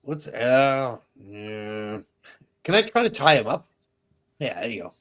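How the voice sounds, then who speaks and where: A man's voice: mid-range voice, big pitch swings, slow, a bit bright. A man playing in a tabletop game, talking casually and hesitantly, asking questions. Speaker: player.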